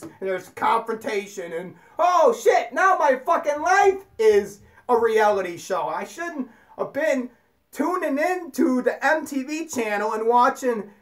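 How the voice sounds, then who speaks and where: A woman delivering a heavily profane spiritual rant to her audience, repeating herself for emphasis. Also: fairly high pitch. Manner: heavy swearing, emphatic repetition. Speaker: channel host.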